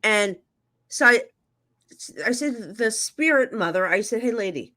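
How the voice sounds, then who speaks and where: A woman guest, a psychic medium, telling stories in a casual interview and acting out the dialogue with quick asides. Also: a little high, animated, pushed and bright.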